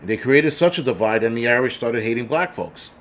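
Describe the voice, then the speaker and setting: A man's voice: mid-range voice, lively intonation, a little fast. A man hosting a livestream, ranting bluntly with heavy swearing and many restarts while thanking viewers for donations. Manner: blunt, heavily profane, repetitive restarts. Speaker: livestream host.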